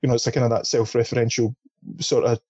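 A man's voice: mid-range voice, quick pace, husky, no echo. A man chatting casually about films, swearing freely and telling stories with gusto. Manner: animated, sweary storyteller. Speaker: film podcast panelist. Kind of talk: casual chat. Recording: dull lo-fi sound.

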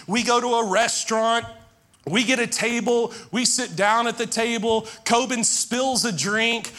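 Bright-voiced pastor. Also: male voice, steady tone, measured pace. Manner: conversational storytelling, drops low and soft in prayer. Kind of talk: sermon with prayer and personal stories.

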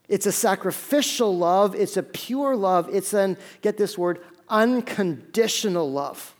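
Male pastor, fairly high voice, earnest conversational sermon delivery. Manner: earnest, conversational preaching with dramatic pauses.

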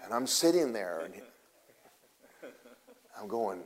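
A man preaching a sermon in a casual, folksy way, telling a story and swinging between loud bursts and hushed asides. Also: fairly low pitch, lively intonation, normal speed, long pauses.

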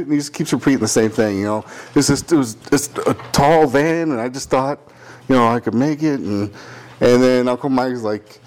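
A man's voice: mid-range voice, moderate pace. A man telling a work story in casual chat, swearing often and acting out the quotes in raised voices. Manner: profane, animated, acts out quotes in raised voices.

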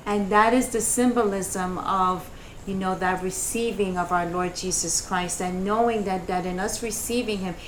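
A woman's voice: medium pitch, steady tone, normal speed, slight background noise. A woman leading a devotional Bible study, reading verses and rising into fervent prayer.

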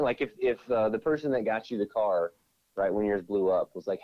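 A man with a low voice chats on a faith podcast and acts out other people's lines as he tells stories. The recording is dry and a little dull in tone. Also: a little fast, dry recording. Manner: animated, acts out quoted voices. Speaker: podcast co-host. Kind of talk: casual faith podcast chat.

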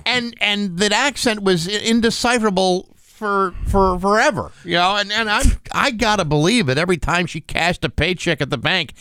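A man's voice: sits high, normal speed, few pauses, pushed and bright, clear, resonant tone, dry recording. A man from New England hosting a morning radio show, bantering casually and joking with his co-host.

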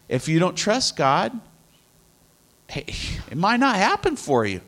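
Middle-aged guy preaching casually from scripture, kinda higher voice, says stuff twice for emphasis. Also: expressive, a little slow, a bit bright. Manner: earnest, conversational, repeats key phrases. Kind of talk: bible teaching.

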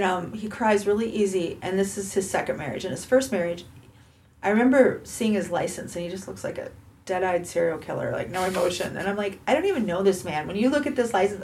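A woman's voice: mid-range voice, a little mellow. A middle-aged woman hosting a casual conversation, affirming often and telling a story. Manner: supportive, frequent affirming murmurs.

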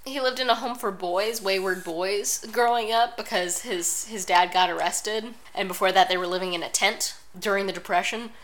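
A woman's voice: mid-range voice, moderate pace, hardly any pauses, a bit bright. A woman co-hosting a podcast in casual chat, blunt and sarcastic with strong opinions. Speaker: podcast co-host.

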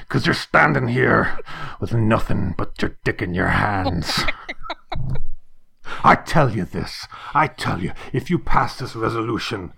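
A man putting on a furious middle-aged churchgoer who berates a church board with theatrical threats, his voice hoarse. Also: fairly low pitch, sharp tone, exaggerated voice.

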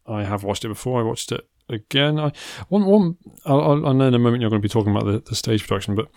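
A man's voice: mid-range voice, expressive, fast, darkish tone, no room sound. A man co-hosting a film podcast, talking with dry humour and lots of hesitant restarts. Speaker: podcast co-host. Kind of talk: casual film podcast chat.

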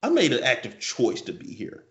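A man's voice: medium pitch, wildly swooping pitch, moderate pace, a bit bright, echoey room, muffled recording. A man co-hosting a casual podcast chat, rambling through hypotheticals and repeating his words. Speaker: podcast co-host.

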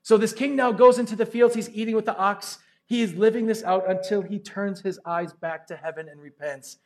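Brief: man, pastor, light high voice, conversational lively sermon delivery. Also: fairly quick. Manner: conversational, animated preaching with asides.

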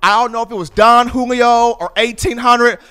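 Man, sports talk, lively storytelling, clear resonant tone. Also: extremely high pitch, normal speed, faint music behind. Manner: animated storyteller acting out fans. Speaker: football commentator.

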